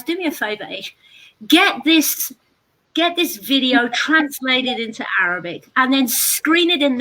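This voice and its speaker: In an on-stage interview at a live event, a British guest speaker with a bright, rather high voice comes across dry, blunt and darkly funny. The recording is rough.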